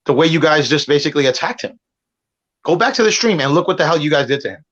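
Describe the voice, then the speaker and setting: This man from Puerto Rico, a guest debater on a stream, speaks fast with a fairly high, bright voice and lively intonation. In a heated argument he rambles, swears, and talks over his opponent, heard through muffled lo-fi audio.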